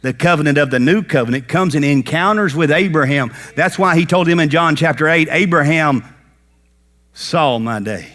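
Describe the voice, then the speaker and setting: Bright, animated preacher man. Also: on the high side, moderate pace. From United States. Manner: animated preacher acting out Bible characters in folksy talk. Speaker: pastor. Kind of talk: sermon.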